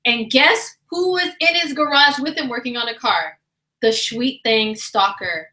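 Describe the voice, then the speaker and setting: Bright, animated woman telling stories. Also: a little high, a little slow. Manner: animated, laughing, full of "like" fillers. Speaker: vlogger. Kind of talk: casual storytelling. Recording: roomy echo.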